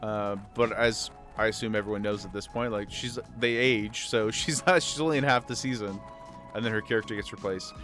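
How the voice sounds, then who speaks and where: Excitable streamer guy over faint music. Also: on the low side, brisk. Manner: excitable, swears freely, breaks into laughs and repeats himself. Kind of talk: casual livestream chat.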